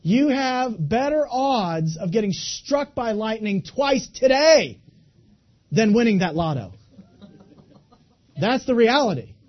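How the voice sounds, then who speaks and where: High-voiced man in his twenties, motivational talk, animated and folksy, dull lo-fi recording. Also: unhurried. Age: 20s. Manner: animated, folksy, addresses the audience directly. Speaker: motivational speaker. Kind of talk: motivational talk to a live audience.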